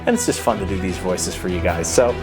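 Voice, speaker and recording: Over music, a man with a low-sitting voice talks a little fast as a voice-acting coach in a tutorial vlog. He's casual and demonstrative, explaining technique with many fillers and occasionally touching his close mic.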